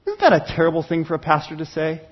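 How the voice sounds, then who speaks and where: Male pastor, husky and lively-pitched, conversational sermon full of acted-out exchanges, dull lo-fi recording. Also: quick pace. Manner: candid and conversational, acting out little dialogues; stammering restarts.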